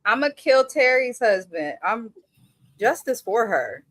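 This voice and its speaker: A woman's voice: a little high, sing-song, unhurried, a bit bright. A woman co-hosting a casual live-stream chat, speaking bluntly and candidly with frequent restarts. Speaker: co-host.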